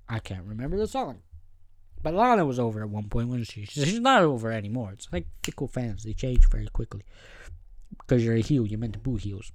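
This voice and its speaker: A man hosting a casual podcast, rambling and swearing freely as he mimics people in quick asides. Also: medium pitch, big pitch swings, dry recording. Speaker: podcast host. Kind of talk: casual wrestling review podcast.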